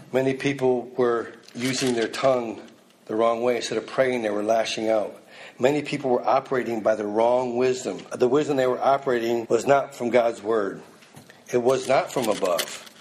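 A man's voice: mid-range voice, a little mellow, a little hiss or hum, rough recording. A man preaching a sermon, reading scripture aloud and then pressing it on his listeners in an earnest, emphatic way.

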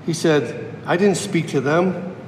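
A man preaching a sermon emphatically, repeating key phrases for effect. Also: slow pace. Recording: echoey hall with faint rumble.

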